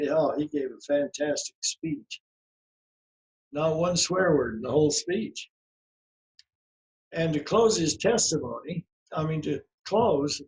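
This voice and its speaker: As a podcast guest, a man in his eighties tells a long personal story in a folksy, rambling way, with plenty of restarts and fillers. His voice runs on the high side and slightly mellow, and the recording is rough.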